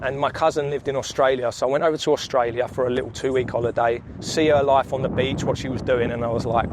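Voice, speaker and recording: A man's voice: mid-range voice, animated, fast, slight background noise. A man, telling his story in casual chat while walking down a city street, laughing and swearing freely. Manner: laid-back, swears freely, laughs often. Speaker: vlogger, sales coach. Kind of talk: casual walk-and-talk storytelling.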